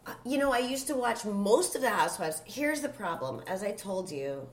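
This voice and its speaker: A woman's voice: mid-range voice, lively intonation, moderate pace, roomy sound. A woman comedian chatting casually as a podcast guest from her kitchen table, with dry, rambling jokes. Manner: dry, joking, rambling asides.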